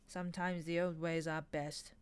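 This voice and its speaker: A woman's voice: sits low, little pitch movement, moderate pace, smooth, lightly acted. A woman reading aloud and voicing a sardonic, snappish male demon in an audiobook reading.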